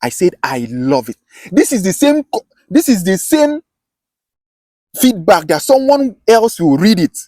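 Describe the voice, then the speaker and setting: Here the Akwa Ibom–accented man sits high in pitch, animated but at a measured pace with long pauses, his tone a little mellow in a dry recording. As a self-styled teacher, he stresses his points with passion, often repeating and restarting phrases.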